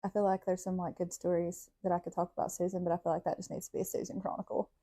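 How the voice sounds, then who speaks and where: A woman's voice: fairly low pitch, very fast. Laughing, foul-mouthed woman storyteller. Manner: profane, laughing, animated storytelling. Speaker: podcast host. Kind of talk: casual storytelling.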